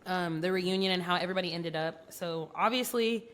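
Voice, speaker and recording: A woman's voice: lowish voice, brisk. A young woman co-hosting a podcast, chatting frankly and giving her opinions. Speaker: podcast co-host. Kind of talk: casual chat.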